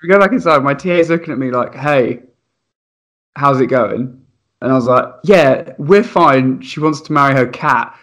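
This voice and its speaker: A young man, a primary school teacher, telling funny stories in casual chat, animated and laughing, acting out voices. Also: mid-range voice, normal speed. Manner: animated, laughing, acts out voices in his anecdotes.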